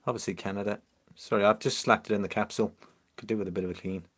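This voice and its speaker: A man from Liverpool with a mixed English accent, mildly Liverpool, hosting a relaxed, casual live-stream chat and answering viewers. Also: fairly low pitch, racing. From Liverpool, England. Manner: chatty, relaxed, reads out viewer comments with easy laughs.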